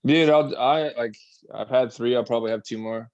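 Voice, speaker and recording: A man chatting casually as a guest, quick and self-deprecating. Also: medium pitch, darkish tone, no echo, lo-fi sound. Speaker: guest musician. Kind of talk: casual chat.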